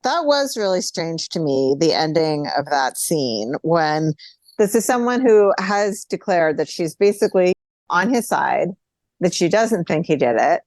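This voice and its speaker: A woman's voice: fairly low pitch, very animated, measured pace, darkish tone, no room sound. A woman who works as a litigator, co-hosting a podcast and commenting wryly on a TV series. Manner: wry, incredulous commentary. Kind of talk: casual TV recap chat.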